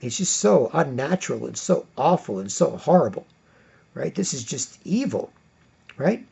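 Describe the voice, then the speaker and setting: A man's voice: fairly high pitch, sing-song, normal speed, vocal fry, darkish tone, slightly rough. A man with a Canadian accent rambling through an opinion monologue, repeating himself, tagging lines with "right?" and acting out the voices of people he quotes. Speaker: vlogger. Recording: dull lo-fi sound.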